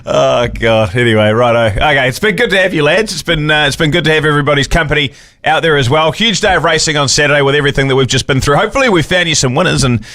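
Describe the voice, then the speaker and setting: A man's voice: on the high side, fast, pushed and bright, no room sound. A man hosting a casual horse racing tips podcast, upbeat as he wraps up the show. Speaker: podcast host. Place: studio.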